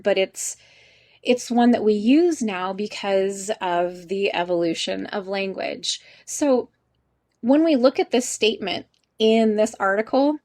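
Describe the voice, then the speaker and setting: A woman teaching a college English class over a video call, chatty and quick to laugh, often asking the class questions. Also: medium pitch. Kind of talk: online class lecture.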